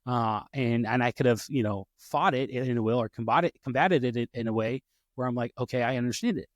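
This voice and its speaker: A man co-hosting a podcast tells a long story in loose, casual talk at a mid pitch. He slips into other people's voices as he goes and often backs up to restart a sentence. The sound is dry and close, with no room echo. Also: fairly quick. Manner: animated, acts out quoted voices, many restarts. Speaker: podcast co-host.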